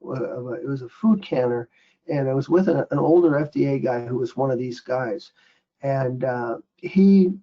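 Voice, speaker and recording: A man's voice: mid-range voice, moderate pace. An older man and former investigator, telling a story in a rambling way with many restarts on a recorded group call. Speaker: featured guest speaker, former investigator. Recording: dull lo-fi call audio.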